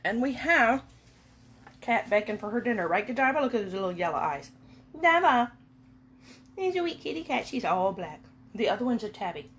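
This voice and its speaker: A woman's voice: mid-range voice, animated, fairly quick, a little hiss or hum. A middle-aged woman chatting at home to the camera and her cats in sing-song baby talk. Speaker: home cooking vlogger. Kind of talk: casual chat to camera and pets. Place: home, indoors.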